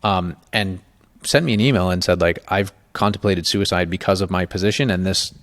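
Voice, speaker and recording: A man's voice: deep voice, fairly quick, a bit bright. A man hosting a podcast, talking candidly and emotionally in a casual chat, swearing freely. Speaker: podcast host.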